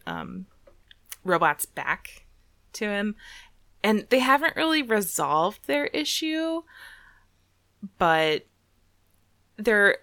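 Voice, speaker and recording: A young woman chats casually as a podcast host, her voice sitting a little low. She rambles loosely with plenty of fillers and frequent giggles. The sound is close and dry, with no room around it. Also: sharp tone, dry recording. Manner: chatty, giggly, many fillers. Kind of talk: casual chat.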